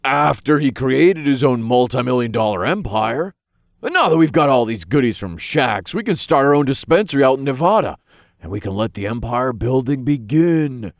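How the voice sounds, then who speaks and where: A man doing a tiny imp in a storybook reading, brash and loud, squeaky high voice bouncing all over, bossy and excitable, dry close sound. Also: normal speed, gravelly, no echo. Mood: boastful. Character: tiny excitable male imp weed dealer.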